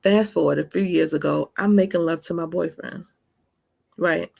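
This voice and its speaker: A woman in her forties hosts a faith talk show, speaking at normal speed in a low, creaky voice with a dark tone. Earnest and conversational, she shares a candid personal testimony and often asks "right?"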